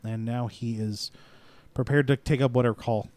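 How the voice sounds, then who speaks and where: Male player, relaxed casual delivery, dry recording. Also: medium pitch, moderate pace, no echo. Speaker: tabletop player. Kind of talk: casual character introduction.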